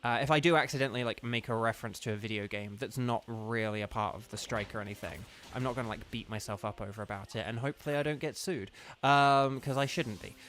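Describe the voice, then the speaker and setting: A man's voice: mid-range voice, quick pace, hardly any pauses, a bit bright, slight background noise. A man chatting casually on a game live stream, rambling from one tangent to the next and filling his talk with "like". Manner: rambling and digressive, heavy use of "like".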